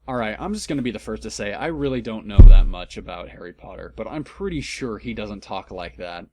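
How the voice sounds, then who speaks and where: A man's voice: on the low side, lively intonation, fairly quick, over loud music. A man giving a comedic reading of a badly written story, breaking off for wry, self-deprecating asides. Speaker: comedic reader.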